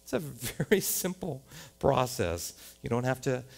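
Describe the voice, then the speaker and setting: A man with an American accent preaching a sermon as a pastor in a church, animated, often rising to loud exclamations and playful rhymes. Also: mid-range voice, unhurried, vocal fry. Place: church sanctuary.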